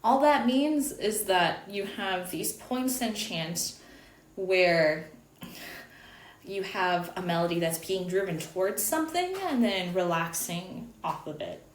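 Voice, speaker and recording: A woman's voice: on the low side, expressive, takes it slowly. A woman in her thirties teaching Gregorian chant over slides, explaining in a chatty way with little asides. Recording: echoey room, faint background noise.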